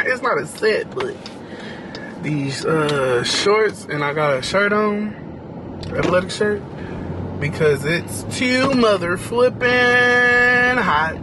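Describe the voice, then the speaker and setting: A man with a slightly high voice chats casually to the camera for his vlog, addressing viewers directly and often exclaiming. There's background noise.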